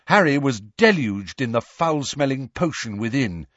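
A man reading a novel aloud as narrator, dramatic and expressive. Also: mid-range voice, a little slow, no echo, lo-fi sound. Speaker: audiobook narrator. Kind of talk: scripted narration.

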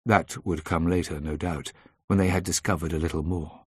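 A man reading a first-person thriller aloud in a measured, dry storytelling manner. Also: deep voice, fairly even intonation, a little mellow, slightly rough, no echo. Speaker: audiobook narrator.

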